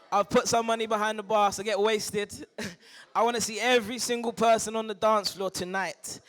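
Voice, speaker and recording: A man with a notably high voice speaks as the groom at a wedding reception. He stops and restarts, repeating lines as he gets emotional, and laughs between thanks. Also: flat delivery, fairly bright tone. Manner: halting, repeats himself, breaks into laughter. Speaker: groom giving a wedding speech.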